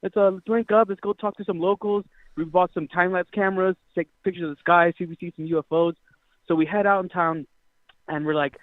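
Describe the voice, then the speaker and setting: A young man from Utah tells a story over the phone, rambling and full of fillers, swearing freely. His voice sits a little high. The line is tinny and dry, like a call-in phone connection. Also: dry recording. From Utah, United States. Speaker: caller. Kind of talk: casual storytelling.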